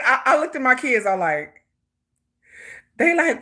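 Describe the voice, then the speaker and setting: Hosting a casual livestream, a woman tells stories in a playful, gossipy chat, often breaking into laughter. Her high, bright, sharp voice swings widely in pitch, and she's animated at a moderate pace with long pauses.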